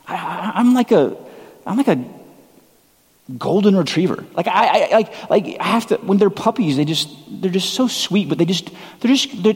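A man's voice: sits high, a little mellow, slightly rough, long reverb tail. A man preaching a sermon as pastor, conversational and earnest, often poking fun at himself. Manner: conversational, earnest, self-deprecating.

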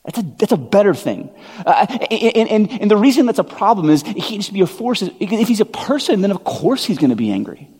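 A man in his thirties preaching a sermon, telling stories in a conversational, animated way with quick asides. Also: high voice, breathy edge. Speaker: pastor. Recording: long hall reverb.

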